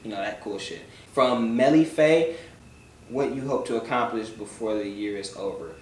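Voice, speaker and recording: A man's voice: fairly low pitch, a little fast. Laid-back young man, roomy distant mic. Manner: loose, swearing, jokey, trails off into mumbles. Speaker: vlogger answering viewer questions. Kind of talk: casual chat. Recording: roomy, from a distance, faint background noise.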